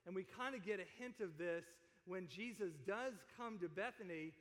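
A man preaching a sermon in a conversational, animated way, often asking his listeners questions. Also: high-pitched, moderate pace, big-room sound. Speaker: pastor.

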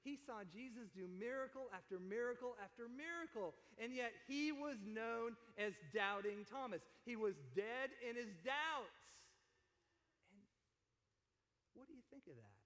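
A man preaching a sermon in a conversational, animated way, often asking his listeners questions. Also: extremely high pitch, unhurried, long reverb tail. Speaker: pastor.

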